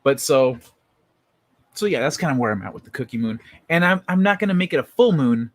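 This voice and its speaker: A man's voice: mid-range voice, expressive, a little fast, dry recording. A man live-streaming, chatting casually with viewers and telling stories in a rambling, profane way.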